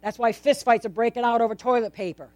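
Woman preacher, chatty sermon, rhetorical questions, slightly high voice. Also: fast talker, darkish tone, no echo. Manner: conversational, asks the congregation many rhetorical questions. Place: in front of a gathered congregation.

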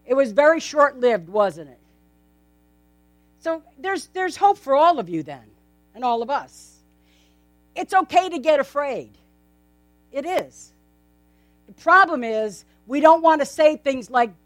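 Woman preacher, chatty sermon, rhetorical questions, slightly high voice. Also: big pitch swings, a little slow, pauses often, dry recording. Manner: conversational, asks the congregation many rhetorical questions. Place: in front of a gathered congregation.

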